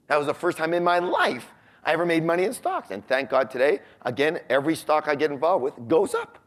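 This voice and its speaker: A man's voice: a little high, fairly quick. A man giving a motivational seminar talk to a live audience, often asking them questions. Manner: animated, asks the audience questions. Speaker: seminar speaker. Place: large room with a live audience.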